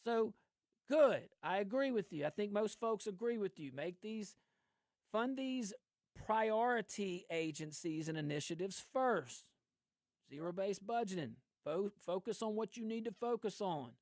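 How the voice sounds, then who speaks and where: A man's voice: high-pitched, unhurried, no room sound, clean studio sound. A man hosting political commentary, ranting with lots of laughs. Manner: animated, ranting, laughs often. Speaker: host.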